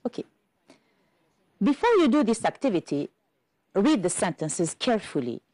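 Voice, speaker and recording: A woman from Algeria teaching an English exam-prep lesson on television, explaining carefully and slowly. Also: medium pitch, big pitch swings, a little mellow, no echo, rough recording. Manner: slow, careful classroom explanation.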